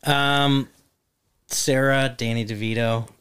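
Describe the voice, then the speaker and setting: A man's voice: mid-range voice, fairly even intonation, takes it slowly, a bit bright, clear, resonant tone. Man thinking aloud in casual chat. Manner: brief replies, thinks aloud with fillers. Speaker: podcast co-host.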